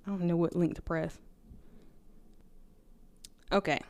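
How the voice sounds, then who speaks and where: Fast-talking, chatty young woman vlogger. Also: on the low side, steady tone, creaky, a little mellow. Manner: fast, rambling, chatty talk with frequent laughs. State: energized on caffeine. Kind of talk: casual chat to camera.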